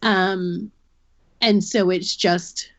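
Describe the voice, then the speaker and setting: A woman's voice: mid-range voice, steady tone, drawn-out words, no room sound, muffled recording. A woman guest on a podcast, giving a candid personal account and explaining things earnestly through long analogies.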